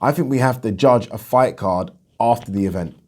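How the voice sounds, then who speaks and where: A man hosting a boxing vlog, talking in a chatty, animated way and repeating himself for emphasis. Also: medium pitch, moderate pace, breathy edge. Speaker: boxing channel host. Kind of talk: casual vlog talk.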